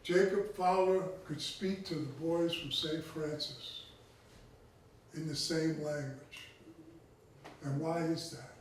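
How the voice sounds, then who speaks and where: A man's voice: a little high, fairly even intonation, takes it slowly, long pauses, slight background noise. A man who is a tribal chief giving a conversational talk, often checking in with his listeners. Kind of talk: conversational lecture. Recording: echoey room, mic far off.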